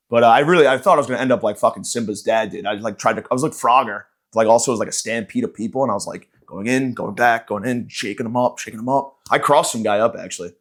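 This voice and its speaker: A man hosting a comedy podcast, delivering a rambling, sarcastic, profane rant. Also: medium pitch. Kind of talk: ranting comedic monologue.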